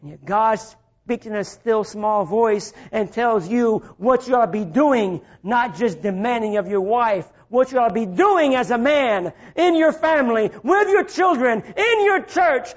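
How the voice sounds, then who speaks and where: A man preaching at a very high pitch for a male voice, drawing his words out slowly. He swings between shouted appeals and hushed, low passages. The recording sounds dull and lo-fi. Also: animated. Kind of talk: sermon.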